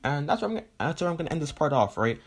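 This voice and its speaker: A man's voice: fairly high pitch, big pitch swings, very fast. A man casually retelling a fan story, rambling and leaning on fillers like "right?" and "you know", with the odd swear.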